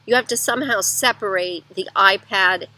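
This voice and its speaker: A middle-aged woman explains parenting techniques in a relaxed teaching talk. She walks through her points one at a time in a conversational way. Her voice is bright and sits at a middle pitch. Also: normal speed, no echo, poor audio. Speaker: educational psychologist giving parenting advice.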